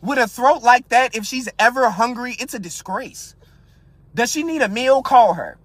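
A young man hosting a podcast, ranting in a crude, animated, comedic way and asking his listeners one rhetorical question after another. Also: extremely high pitch, normal speed, no echo. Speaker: podcast host. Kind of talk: casual comedic rant. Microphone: podcast mic.

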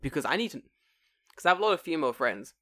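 Animated swearing young male podcaster. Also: on the high side, racing. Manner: swearing, animated storytelling with mocking put-on quotes. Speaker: podcast co-host. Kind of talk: casual podcast chat. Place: living in Japan.

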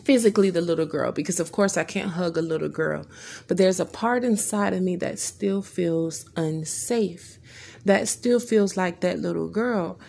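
A woman speaking in a candid, heartfelt storytelling way, her voice carrying a gravelly vocal fry. She retells back-and-forth conversations in plain words and often stumbles and restarts mid-sentence. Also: fairly low pitch, moderate pace, a little mellow. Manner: earnest and emotional, retells dialogue with frequent restarts. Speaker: person sharing a personal therapy story.

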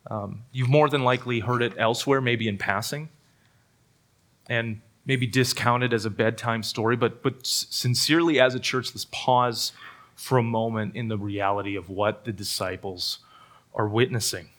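This earnest preacher speaks at medium pitch with a steady tone, normal speed, and a slightly bright quality. Giving a sermon during a church service, the pastor mixes in self-deprecating humor and repeats words frequently.

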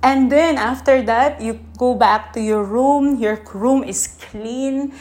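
This is a woman talking in a casual, reflective monologue, her voice sitting somewhat high. She speaks slowly and softly, lingering on her feelings. is a for her. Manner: slow, soft, emotional, with pauses and laughs.

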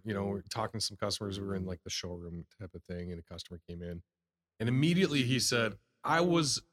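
A man co-hosting a casual talk show, telling sales stories with lots of laughter and acted-out quotes. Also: on the low side. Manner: animated storyteller, laughs often, acts out customers. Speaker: podcast co-host, salesman. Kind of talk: casual chat.

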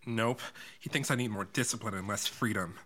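A restless teenage boy from a churchgoing family, blunt and fed up with being told what to do, read by a man at a script table reading. The voice is bright and forward. It has the plain feel of a script read aloud. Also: fairly low pitch, a little fast. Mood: frustrated.

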